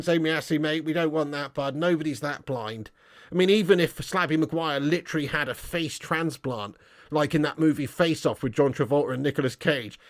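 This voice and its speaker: Bloke hosting a footy stream, high voice, taking the mick, calls everyone mate. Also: male voice. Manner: mocking banter, lots of "mate" and "lad". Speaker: football channel livestream host. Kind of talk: casual livestream chat reading super chats.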